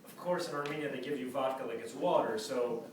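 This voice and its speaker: A man's voice: medium pitch, a little fast, a little hiss or hum. A man telling a comic anecdote to a live audience, acting out the other people in it. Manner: animated, acts out the voices of others. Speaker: storyteller. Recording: very echoey, from far off, audience laughter.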